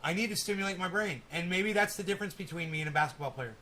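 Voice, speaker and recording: A man with a bright, forceful, slightly high voice hosts a casual live stream. He rambles, swears freely and banters testily with his chat. There is a faint hiss of noise behind him. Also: racing. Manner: rambling, profane, testy banter.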